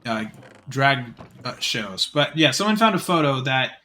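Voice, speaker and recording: A man's voice: mid-range voice, sing-song, bright, forceful tone, slight background noise. A man streaming live, reading an article aloud and breaking off for casual, chatty asides. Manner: quick chatty reading with many fillers and restarts.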